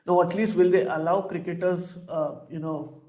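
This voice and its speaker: A man, interviewing in a measured, hedging conversational way. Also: high voice, level tone, darkish tone, low-quality recording. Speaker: interviewer, student activist.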